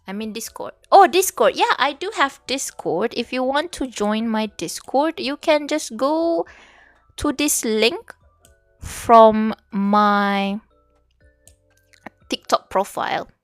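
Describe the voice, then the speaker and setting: Her voice fairly high and animated, a young Malaysian VTuber takes it slowly as she chats casually on her livestream. She has a Malaysian English accent and alternates between English and Malay, with faint music in the background.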